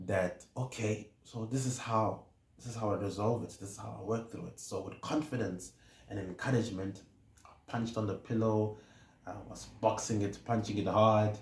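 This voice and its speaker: A man with a South African accent, a counselling psychologist, telling a personal story in a measured, hesitant way with many fillers. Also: fairly low pitch, darkish tone. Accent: South African English. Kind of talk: reflective personal talk. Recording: echoey room with faint noise.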